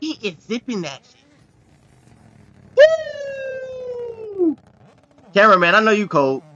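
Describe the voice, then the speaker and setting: A man hosting a reaction video, with excitable, exclamatory commentary full of profane slang. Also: sits high, fast talker, dull audio, a little hiss or hum.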